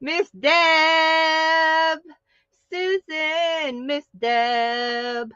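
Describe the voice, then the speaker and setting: A woman's voice: high voice, animated, slow, a bit bright, no echo, highs cut off. A woman hosting a livestream, bubbly and playful as she greets viewers. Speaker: livestream host.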